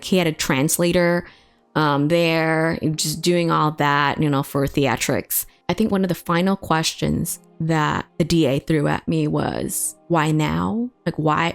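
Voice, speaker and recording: Candid woman telling a personal story. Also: deep voice. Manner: casual, emotional, full of "like" fillers and swearing.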